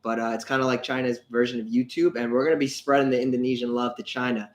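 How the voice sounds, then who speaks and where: A man's voice: medium pitch, little pitch movement, quick pace. Chatty young man in an echoey room. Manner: chatty, rambling, many fillers and restarts. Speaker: co-host of a travel channel. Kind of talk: casual livestream chat. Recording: roomy echo.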